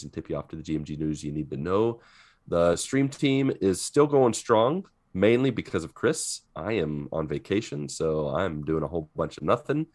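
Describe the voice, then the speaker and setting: A man's voice: low-pitched, dry recording, studio quality. A man co-hosting a podcast in casual chat, upbeat and jokey, wrapping up the show. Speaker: podcast co-host.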